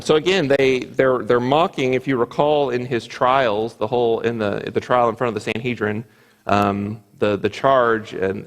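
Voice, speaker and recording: A man teaching a Bible class in a church, speaking earnestly, quoting scripture and often restarting his sentences. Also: mid-range voice. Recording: reverberant church hall.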